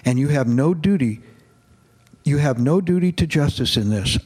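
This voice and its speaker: A man voicing a gentle, wise fatherly figure who speaks calmly and earnestly, reading aloud from a novel. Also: on the high side, normal speed, breathy edge. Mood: tender.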